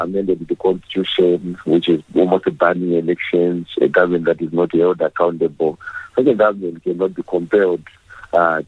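Husky low-voiced man, blunt radio guest. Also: dry recording, narrow, tinny audio. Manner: blunt, indignant. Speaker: activist guest. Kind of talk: radio interview.

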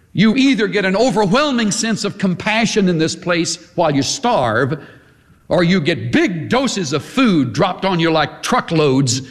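A man preaching a sermon, impassioned and emphatic, with repeated staccato phrases and swings between quiet low passages and high forceful ones. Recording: long hall reverb.

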